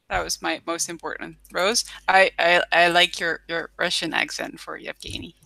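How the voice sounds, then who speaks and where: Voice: mid-range voice, level tone, moderate pace, creaky, few pauses, sharp tone, dry recording. A player in a tabletop game chatting bubbly and giggly about the session's drama. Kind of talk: casual post-game chat.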